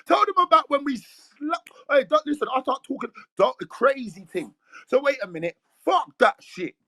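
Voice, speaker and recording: A man's voice: extremely high pitch, a bit bright, no echo. A man with a London accent ranting aggressively in slang, boasting and calling people out. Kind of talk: heated rant.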